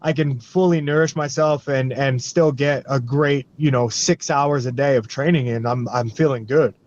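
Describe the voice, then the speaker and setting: A man answering interview questions in a relaxed, halting way with many fillers. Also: medium pitch, muffled recording. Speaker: guest fighter.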